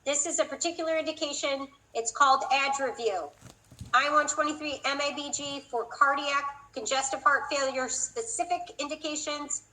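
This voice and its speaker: A woman's voice: high-pitched, fairly even intonation, moderate pace, bright, forceful tone, low-quality recording. A woman teaching a class, explaining procedures and teasing her students in a playful way. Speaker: instructor. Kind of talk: classroom lecture.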